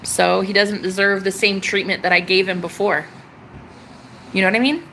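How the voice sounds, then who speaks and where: A woman's voice: medium pitch, steady tone, normal speed, pushed and bright, slight background noise. A young woman talking casually on a livestream, rambling and swearing as she addresses her viewers.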